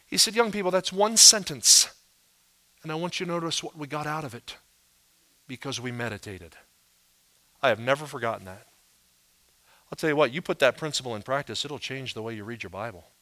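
A man preaching a sermon as pastor, animated and emphatic, pushing up his voice on key words. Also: fairly high pitch.

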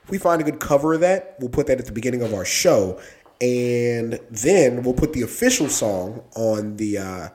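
A laid-back man co-hosting a podcast, chatting casually and joking with plenty of swearing. His pitch moves around a lot as he talks, rising and falling in an animated way. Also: moderate pace. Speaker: podcast co-host. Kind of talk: casual chat.

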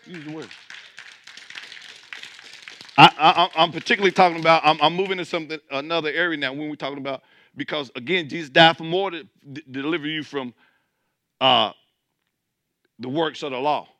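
A man's voice: on the high side, fairly even intonation, fast talker, pushed and bright, dry recording. A man preaching as pastor, building intensity, with mocking asides about churchgoers. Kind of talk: sermon.

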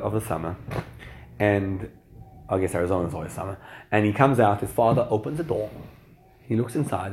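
A man telling a long personal story in a casual, animated way, acting out the people he quotes. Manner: animated storyteller, acts out quotes with big pitch jumps. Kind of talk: storytelling talk. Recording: noisy recording.

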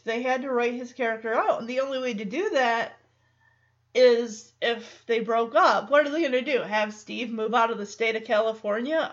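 A woman's voice: fairly high pitch, fairly bright tone, highs cut off. A woman hosting a podcast, recapping a TV episode in a chatty, rambling way and acting out the characters' lines as she goes. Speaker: podcast host.

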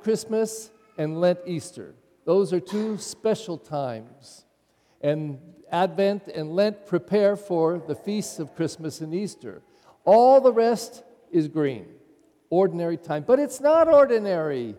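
A man's voice: high voice, mellow, big-room sound. An older man who is a pastor, giving a conversational sermon with folksy, wry asides.

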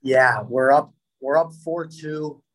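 A man's voice: on the high side, steady tone, slow, a bit bright, rough recording. A young man who plays hockey talks casually in an interview. He sounds upbeat, laughs often and tends to repeat himself as he goes. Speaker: hockey player.

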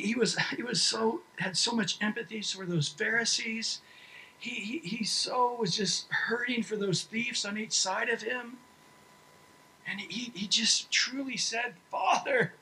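A man's voice: high-pitched, sharp tone, slight background noise, low-quality recording. A man preaching a sermon to his church, earnest, often repeating and restarting his words. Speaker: pastor.

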